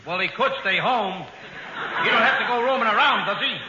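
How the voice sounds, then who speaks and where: A man's voice: sits high, a little fast, dull audio. A man with a brash, wisecracking manner, performing in a 1940s radio comedy. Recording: noisy old radio broadcast, roomy.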